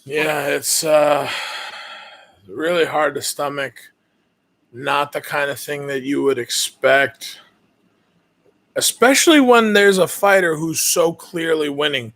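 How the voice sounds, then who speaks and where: A man co-hosting a live fight reaction show, commenting calmly and dryly. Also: fairly high pitch. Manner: calm, dry, measured commentary. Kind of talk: casual live reaction chat.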